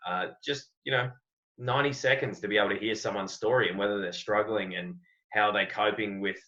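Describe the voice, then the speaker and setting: A man's voice: lowish voice, steady tone, brisk, pushed and bright. An Australian man, a wrestling coach, speaking earnestly and reflectively as a podcast guest, often repeating words as he thinks. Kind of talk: podcast interview. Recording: dull lo-fi audio.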